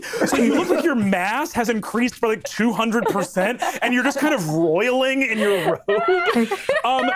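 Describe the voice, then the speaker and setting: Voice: medium pitch, slight background noise. A game master narrating a comedic tabletop mystery, playful and laughing, with many fillers.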